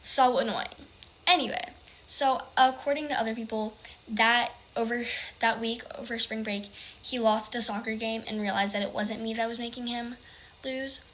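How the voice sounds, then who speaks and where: A woman telling a personal story in casual chat, rambling with lots of "like" and sometimes dropping to a hushed whisper. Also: on the high side, steady tone, normal speed, slight background noise. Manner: rambling, heavy use of "like".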